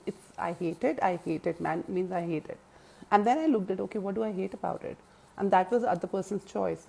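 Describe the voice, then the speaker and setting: A woman's voice: fairly low pitch, gravelly, warm tone. A woman hosting a live stream, talking earnestly and at length about self-help ideas and answering viewer comments. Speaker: live stream host and life coach. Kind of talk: casual live-stream coaching talk.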